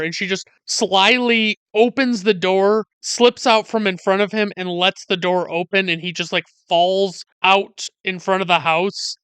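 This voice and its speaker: A man's voice: sits high, sharp tone, clean tone, no echo. A man narrating a casual movie review in a chatty, wry way, wandering off on side tangents as he retells the plot. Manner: chatty, wry and sarcastic, with digressions and many "like" fillers. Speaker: film reviewer.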